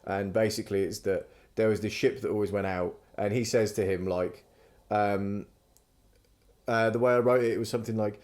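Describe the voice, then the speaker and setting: A man's voice: lowish voice, fairly even intonation, fairly quick, a little mellow. Rambling, swearing man on a podcast. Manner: rambling, swears freely, acts out quoted lines. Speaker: podcast host. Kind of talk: casual chat.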